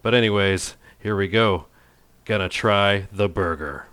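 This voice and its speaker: A man's voice: lowish voice, a little slow, fairly bright tone, clean tone, dry recording. A man hosting a casual cooking video, talking in a playful, goofy way with self-mocking jokes. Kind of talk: casual cooking vlog narration.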